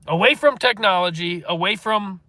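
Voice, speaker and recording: A man's voice: high-pitched, moderate pace, bright, forceful tone. A man hosting a casual livestream, rambling and swearing as he answers chat comments. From northeastern United States. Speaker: livestream host.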